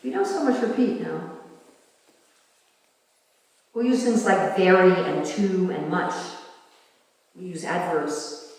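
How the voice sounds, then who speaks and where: An older woman giving a scripture class, lively, acting out little quoted dialogues as she teaches. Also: lowish voice, slow, pauses often. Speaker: class speaker. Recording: echoey hall, mic far off.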